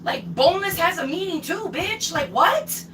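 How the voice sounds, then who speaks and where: A woman's voice: very high-pitched, animated, normal speed, background noise. A young woman ranting casually on a livestream, swearing a lot and repeating herself for emphasis.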